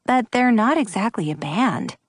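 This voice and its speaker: A woman's voice: fairly high pitch, lively intonation, moderate pace, dry recording, studio quality. A matter-of-fact teen girl, as a woman reads her. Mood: doubtful. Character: sensible teenage girl, logical and careful.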